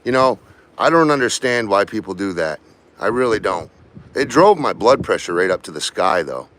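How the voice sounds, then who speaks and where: A man's voice: on the low side, big pitch swings, normal speed, fairly bright tone, a little hiss or hum. A man who works as a carpenter, chatting casually and rambling to viewers while working, with some angry outbursts. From Maine, US.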